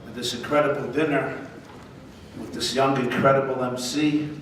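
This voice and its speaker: A man, a rabbi, giving a humorous, animated speech at a gala dinner in a large banquet hall. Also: medium pitch, moderate pace. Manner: joke-telling, animated. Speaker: guest speaker, rabbi. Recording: echoey banquet hall from far off, noisy.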